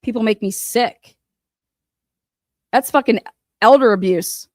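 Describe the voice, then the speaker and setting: A woman with a fairly high voice delivers a furious rant, swearing hard and mocking her targets. Her sound is close and dry, with no room around it, and she talks like a true crime commentator venting to her audience. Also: takes it slowly, darkish tone, dry recording. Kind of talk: angry profane rant.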